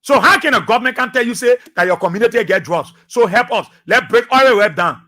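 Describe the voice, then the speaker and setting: Animated and quick-paced, a Liberian man offers fiery talk-radio commentary in Liberian English, his voice strikingly high, bright and forceful. He sermonizes to his audience, using short phrases repeated many times to drive each point in.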